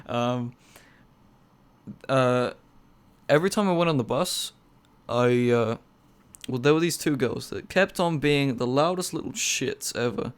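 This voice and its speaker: Teen kiwi guy, smooth clear voice, rambling through a story on a podcast, lots of uh and um. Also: mid-range voice. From New Zealand. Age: teens. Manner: rambling, laughing, many fillers. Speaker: podcast co-host. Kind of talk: casual chat.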